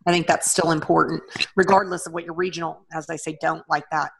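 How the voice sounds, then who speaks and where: A woman's voice: low-pitched, level tone, brisk, gravelly, background noise. A woman from the American South with a light Southern accent, earnestly discussing teaching in a casual group talk. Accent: Southern American, kept light.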